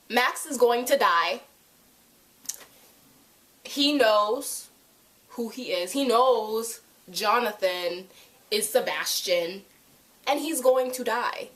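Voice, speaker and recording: A young woman reviewing a TV episode in a casual, animated way, full of slang and "like", jumping between loud outbursts and hushed asides. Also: on the high side, a little slow. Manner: frequent "like" fillers, slangy.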